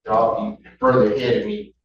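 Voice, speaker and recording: A man speaking as a defendant in court. He is emotional and distraught, stammering, halting and apologetic. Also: mid-range voice, very animated, heavy reverb. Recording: distant, muffled courtroom mic with crowd noise.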